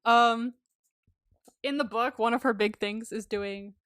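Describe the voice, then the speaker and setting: A woman's voice: fairly high pitch, steady tone, a little slow, a bit bright, clear, resonant tone, no echo, clean studio sound. A woman co-hosting a podcast, recapping a story in casual chat, swearing freely, laughing often and acting out the lines she quotes. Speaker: podcast co-host.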